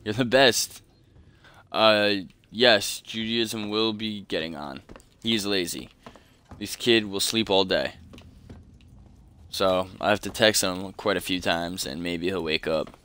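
A man's voice: on the low side, slow pace, pauses often, bright, forceful tone, clear, resonant tone. Hungover man streaming a game. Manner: frustrated, muttering questions to himself. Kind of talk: live gameplay commentary.

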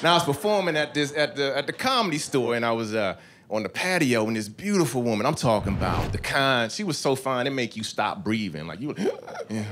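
A man's voice: medium pitch, sing-song, a little fast. A man in his thirties doing a stand-up comedy routine on a club stage, telling a story with voiced asides. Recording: club stage mic with audience noise.

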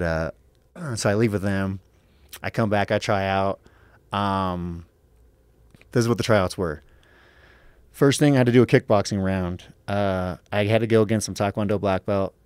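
A man's voice: on the low side, darkish tone, smooth, no echo. A man in his thirties, an MMA fighter on a podcast, telling a story casually with lots of swearing and acted-out quotes.

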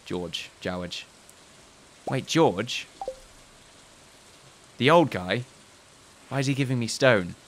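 A man's voice: medium pitch, animated, slow, long pauses, a little hiss or hum. A man hosting a let's play, giving casual gameplay commentary with rambling, jokey asides and reading game text aloud.

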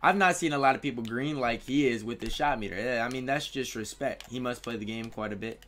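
A man's voice: mid-range voice, a little fast. A man giving live commentary over his own video game, cheering and talking to the players on screen. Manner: excitable, talks to players on screen. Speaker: gaming YouTuber.

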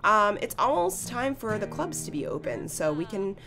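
A woman hosting a casual let's-play, chatting excitedly and reacting out loud to the game. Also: medium pitch, moderate pace, faint music behind. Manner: chatty, excitable, gasps and laughs at the action. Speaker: gaming channel host.

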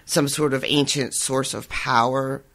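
A man's voice: mid-range voice, steady tone, measured pace, vocal fry, pushed and bright. A man co-hosting a podcast in casual chat, feeling unwell and laughing often. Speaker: podcast co-host.

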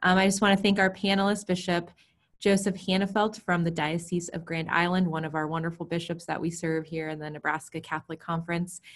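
A woman moderating a panel, upbeat, thanking the panelists and closing the session with frequent filler sounds over a video call. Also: on the low side. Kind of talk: closing remarks.

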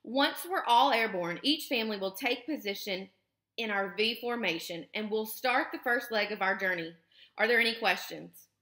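A woman's voice: mid-range voice, normal speed, sharp tone, natural voice. Commanding big lead goose, as a woman puts him on. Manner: announcing, authoritative. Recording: roomy echo.

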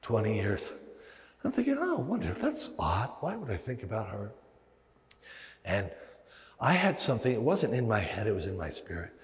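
A man's voice: lowish voice, brisk. A man preaching a sermon as pastor, telling stories and acting out the voices in his head. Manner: animated storytelling with acted-out inner voices. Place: large church hall. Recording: long reverb of a large hall.

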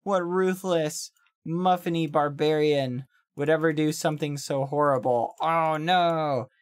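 Man putting on a melodramatic, distraught young woman, wailing in a slow, drawn-out voice; a mocking gamer bit, not a full character. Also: a little high, steady tone, natural voice. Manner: melodramatic whining.

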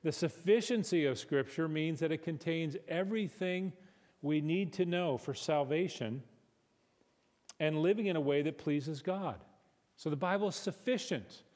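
Middle-aged male conference teacher, lively and emphatic, slightly high voice, echoing church hall. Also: normal speed. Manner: animated, builds to emphatic peaks. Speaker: conference speaker. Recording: hall reverb.

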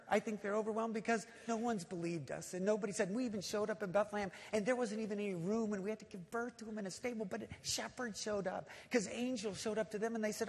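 Impassioned high-voiced preacher man. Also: steady tone, fast talker, few pauses, slightly rough, in a large hall. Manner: builds from soft retelling to loud, impassioned appeals. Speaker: pastor. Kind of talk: sermon.

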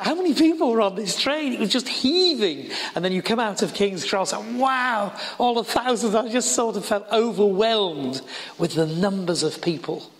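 A middle-aged evangelist with a northern English accent preaches a sermon in a college chapel, his voice high and fairly bright. He tells stories earnestly, building to emphatic peaks, in a reverberant hall.

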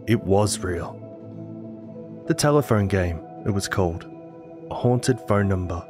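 A man giving a scripted narration of a horror story in a measured storytelling manner. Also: deep voice, animated. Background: music.

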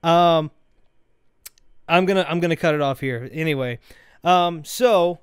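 Rambling, excitable young-sounding gamer guy. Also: a little high, unhurried, clear, resonant tone, no room sound, studio quality. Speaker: gameplay commentator. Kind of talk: casual let's-play commentary.

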